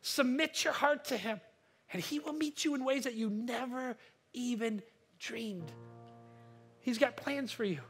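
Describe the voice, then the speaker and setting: A man preaching a sermon as a pastor. He builds up to emphatic, forceful peaks and drops to quiet asides, and he often repeats a word when he restarts a sentence. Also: extremely high pitch, unhurried, pauses often, breathy edge, soft background music.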